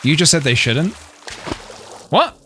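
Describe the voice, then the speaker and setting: A man's voice: fairly high pitch, sing-song, takes it slowly, pushed and bright, faint music behind. Chatty English man musing aloud. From England. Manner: musing and chatty, trails off and restarts, laughs to himself. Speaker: live streamer. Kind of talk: casual live-stream chat, reading posts aloud.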